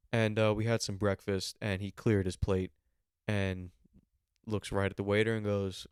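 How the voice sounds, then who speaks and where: A man's voice: on the low side, steady tone, measured pace, clear, resonant tone, no room sound, clean studio sound. A man in his twenties, a podcast host, telling rambling stories in a casual monologue and swearing freely. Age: 20s.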